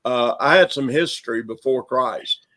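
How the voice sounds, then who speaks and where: A man's voice: medium pitch, normal speed, fairly bright tone. A man with a Southern US accent, a minister hosting the show, talking in a folksy, joking way. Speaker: minister and host. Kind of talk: casual chat.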